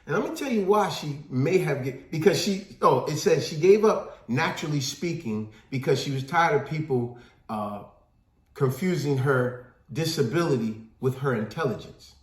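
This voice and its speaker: Animated man telling stories in an echoey room. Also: on the high side, normal speed. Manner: animated storytelling, acts out quotes. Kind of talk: casual talk-show discussion.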